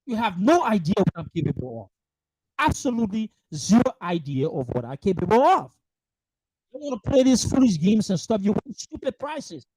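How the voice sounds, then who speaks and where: On a livestream microphone, a furious political host delivers an angry monologue in a middle-range voice, emphatic and profane, firing off repeated rhetorical questions. His delivery has a sing-song quality at normal speed, the tone a little mellow and slightly rough. The sound is close and dry with no echo or room around it, though the recording is rough.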